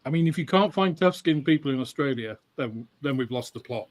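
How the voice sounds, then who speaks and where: A man's voice: fairly high pitch, expressive, brisk, crowd noise. A man in a casual call chat, making dry jokes. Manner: dry quips.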